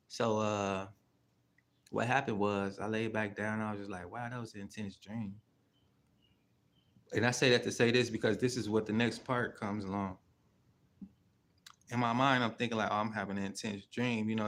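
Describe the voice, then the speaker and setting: A man's voice: lowish voice, fairly even intonation, normal speed, long pauses, a bit bright. A man hosting his own channel, telling a story in a loose, rambling, slangy way with heavy swearing. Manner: rambling, with many fillers and asides. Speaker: channel host. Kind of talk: casual spoken storytelling.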